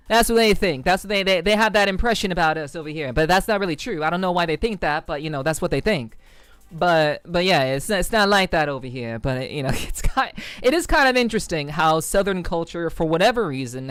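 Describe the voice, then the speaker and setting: A woman from the United States streams live and chats casually with her viewers. She greets them by name and wanders through loose, rambling tangents. Her voice is smooth and clear and sits close to the mic, with a dry sound and no room echo. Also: sits low. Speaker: VTuber streamer.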